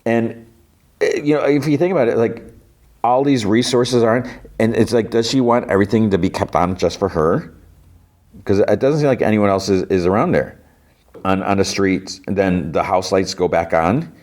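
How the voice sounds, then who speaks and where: A man's voice: on the low side, normal speed, a little mellow. A man hosting a podcast, casually recapping a TV episode in a rambling way full of fillers. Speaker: podcast host.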